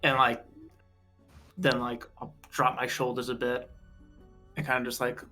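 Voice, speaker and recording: A man describes his character's actions in a tabletop game. His voice stays flat and even, and he hesitates often as he works it out. Faint music runs behind him. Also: mid-range voice, unhurried. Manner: hesitant, full of "like". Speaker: player.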